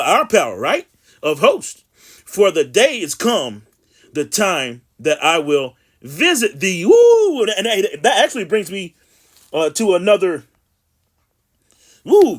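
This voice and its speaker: Man with a notably high voice, casual blunt scripture commentator. Rambles and restarts, slows right down for emphatic verse readings. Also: a bit bright. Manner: rambling, frequent restarts and fillers, blunt and profane; reads scripture slowly and emphatically.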